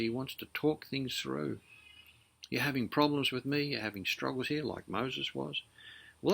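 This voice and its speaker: A man's voice: lowish voice, gravelly, bright, forceful tone. A middle-aged man preaching a sermon in an earnest, conversational way, often restarting his sentences. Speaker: pastor.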